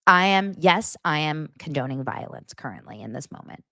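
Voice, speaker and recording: A woman hosting a podcast, recapping reality TV in a blunt, animated and profane way. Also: low-pitched, moderate pace, no room sound, clean studio sound. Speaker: podcast host.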